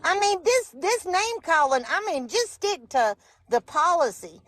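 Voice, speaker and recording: A woman's voice: very high voice, big pitch swings, measured pace, fairly bright tone. A woman in her forties or older, a guest on a political livestream, talking in a passionate, exasperated way and correcting herself as she goes. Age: 40s or older.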